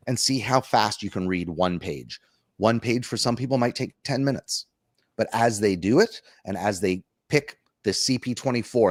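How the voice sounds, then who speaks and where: A man's voice: fairly low pitch, no echo, studio quality. A man giving friendly, plain-spoken test-prep advice as a guest in a webinar Q&A. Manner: encouraging, chatty, plain-spoken.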